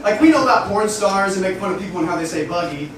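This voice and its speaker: A man's voice: high voice, animated, fast talker. A man performing stand-up, asking the crowd questions and laughing at his own lines. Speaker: stand-up comedian. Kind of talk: stand-up set recording. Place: comedy club stage. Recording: echoey club from far off.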